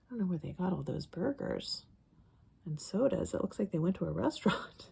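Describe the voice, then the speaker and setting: A woman reading a picture book aloud to children, pausing to explain words and letter sounds in a teacherly way and shushing softly between lines. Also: sits low, vocal fry, breathy edge. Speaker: children's story reader.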